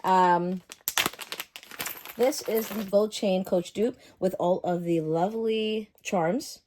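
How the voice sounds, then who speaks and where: A woman vlogger chatting casually through an unboxing, gushing and excitable. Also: medium pitch, slow, slight background noise.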